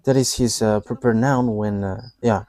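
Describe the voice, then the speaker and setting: A man preaching a live sermon, halting, with frequent pauses and fillers, and chuckling between statements. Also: fairly low pitch, steady tone, mellow.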